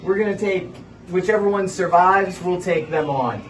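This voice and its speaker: A man's voice: high-pitched, normal speed. A man cutting a cocky, taunting wrestling promo at rival teams. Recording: distant mic with light noise.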